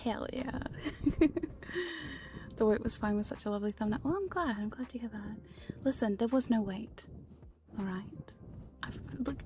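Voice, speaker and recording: A woman whispering softly through a whispered ASMR stream chat, her tone mellow and warm. She teases her listeners playfully and drops casual curses, close on a binaural mic with faint music behind. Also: on the high side, moderate pace. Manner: playful, teasing, swears casually. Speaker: VTuber streamer. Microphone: binaural dummy-head microphone.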